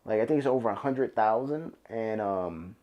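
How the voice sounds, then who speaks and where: A man's voice: lowish voice, expressive, moderate pace, highs cut off. A young man with a New York accent, hosting a solo podcast in a loose, rambling, profane, emphatic way. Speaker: podcast host. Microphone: camera and podcast mic.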